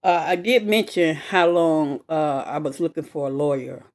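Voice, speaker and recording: A woman telling a personal story to camera in an animated, emphatic way, swearing freely and repeating herself. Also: deep voice, normal speed. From west side of Chicago. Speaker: vlogger.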